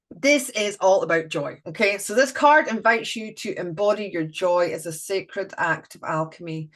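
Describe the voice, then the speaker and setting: Aussie lady reading oracle cards live to viewers, kinda low voice, playful and chatty. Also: fairly bright tone. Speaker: oracle card reader.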